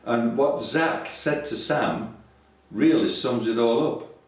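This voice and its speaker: A man's voice: medium pitch, slow. An older man from Yorkshire with a Yorkshire accent, giving a casual sermon to camera in a rambling, hesitant, conversational way. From Yorkshire, England. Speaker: website preacher. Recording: echoey room from far off.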